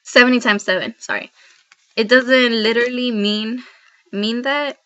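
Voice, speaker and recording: A woman's voice: a little high, fairly even intonation, a little slow, bright, forceful tone. A woman speaking to camera in an earnest devotional vlog, heartfelt and rambling, addressing viewers directly. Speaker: Christian vlogger. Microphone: laptop built-in mic. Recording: dull lo-fi laptop audio.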